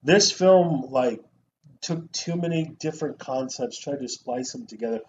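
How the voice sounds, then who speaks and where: A man co-hosting a casual movie review show, talking in an animated, profane way and mimicking actors. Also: medium pitch, unhurried. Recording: dull lo-fi sound with faint noise.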